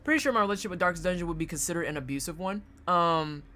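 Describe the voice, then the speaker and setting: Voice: rapid-fire, pushed and bright, slight background noise. A streamer giving casual, profane commentary while playing a game and chatting with viewers. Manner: profane, chatty, jumps into high-pitched silly voices.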